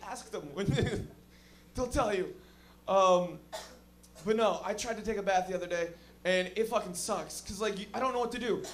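A man's voice: sits high, normal speed. A man doing a stand-up comedy set in a lounge, rambling and swearing with many fillers. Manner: rambling, profane, frequent fillers.

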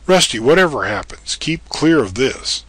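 A man playing a bold, steady adventurer. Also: mid-range voice, husky, no echo. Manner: brisk, commanding, level-headed. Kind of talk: audio drama acting.

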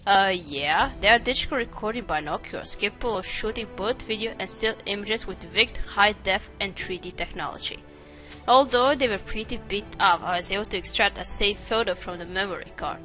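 A woman's voice: mid-range voice, brisk, pushed and bright, faint music behind, close to an everyday voice. A woman reading the lines of a sarcastic young male tech expert from a game, in her own voice. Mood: snarky.

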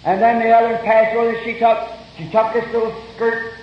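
A man preaching a fervent sermon, telling stories earnestly and breaking into shouts now and then. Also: extremely high pitch, little pitch movement, brisk, a little hiss or hum. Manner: earnest storytelling, bursts of shouting. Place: church meeting hall. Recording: roomy lo-fi 1961 sermon tape.

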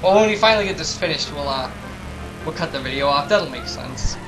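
A man's voice: on the high side, expressive, brisk, rough recording. Rambling man playing a video game. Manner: rambling, self-deprecating, chatty asides. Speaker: let's play commentator. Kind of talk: casual gaming commentary. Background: game music.

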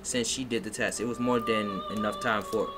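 A man's voice: fairly low pitch, steady tone, normal speed, poor audio. A man reading a fanfiction aloud on a live stream, mocking it and breaking off to comment and laugh. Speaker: fanfiction reader. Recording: music playing behind. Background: music.

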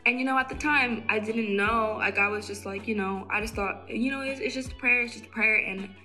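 A woman casually preaching to camera as an evangelist, emphatic and repeating phrases for stress, sometimes dropping to a hushed near-whisper. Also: on the high side, fairly even intonation, brisk, faint music behind. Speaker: Christian evangelist.

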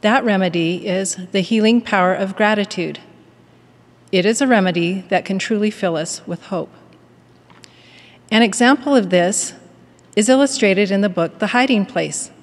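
A woman giving a prepared devotional address in a measured, earnest manner and reading a story aloud. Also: medium pitch, long reverb tail. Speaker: devotional speaker at a university.

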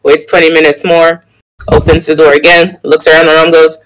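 A young man in casual podcast chat, telling an animated story with laughter and sudden jumps in pitch. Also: a little fast, rough recording. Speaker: podcast co-host.

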